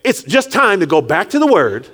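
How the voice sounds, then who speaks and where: Guy preaching, high voice all over the place, shouts then goes quiet. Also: moderate pace. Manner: animated, call-and-response, rises to shouts then drops low; acts out Jesus and Peter in quiet low tones. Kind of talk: sermon.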